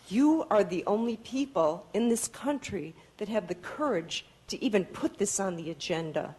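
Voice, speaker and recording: A woman speaks at a public hearing in an earnest, pleading way and sounds tired. Her voice sits a little low. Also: a little mellow, poor audio. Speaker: public commenter.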